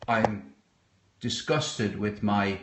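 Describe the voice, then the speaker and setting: A middle-aged Irish man chatting casually on a live stream from his kitchen, rambling and halting with many fillers and restarts. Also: on the low side, steady tone, slight background noise. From Ireland. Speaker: podcaster. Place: home kitchen.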